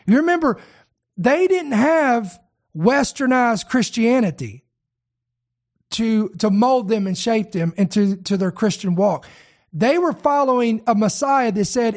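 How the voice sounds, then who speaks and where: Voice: medium pitch, animated, unhurried, a little mellow. A preacher delivering a sermon, speaking earnestly, repeating key words for emphasis and addressing the listeners directly.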